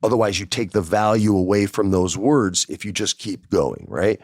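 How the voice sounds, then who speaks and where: A man's voice: fairly low pitch, animated, moderate pace, darkish tone, no room sound, clean studio sound. A man hosting a podcast, telling a casual first-person story in a chatty way and acting out the dialogue. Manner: chatty, acts out quoted dialogue. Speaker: podcast host.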